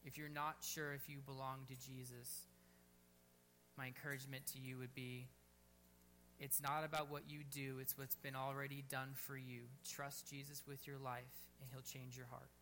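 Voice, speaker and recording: A man preaching a sermon at a church service, fervent and urging, dropping to a quiet, gentle tone to lead prayer. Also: medium pitch, level tone, moderate pace, a little hiss or hum. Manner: fervent, rising to near-shouts on bold exhortations, then quiet and gentle in prayer. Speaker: pastor.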